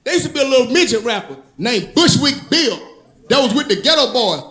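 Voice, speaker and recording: Male stand-up comic, very high and lively, sing-song storyteller who laughs along at his own lines. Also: a little fast. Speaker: stand-up comedian. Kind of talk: stand-up comedy set. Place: comedy club stage.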